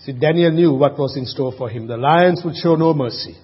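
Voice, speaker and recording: A man's voice: a little high, a little fast, husky. A man preaching a sermon, earnest, asking rhetorical questions and often restarting his sentences. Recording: muffled, reverberant hall.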